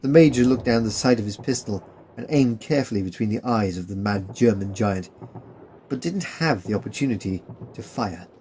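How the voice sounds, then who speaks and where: Low-voiced man reading a war story. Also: moderate pace, mellow, slight background noise, poor audio. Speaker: audiobook narrator. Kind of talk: storybook narration.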